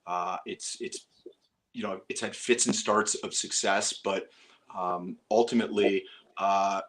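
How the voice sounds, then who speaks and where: Middle-aged male actor guest, low voice, chatty storyteller who restarts sentences. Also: unhurried, a little hiss or hum. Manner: animated storytelling with frequent restarts. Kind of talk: casual interview talk.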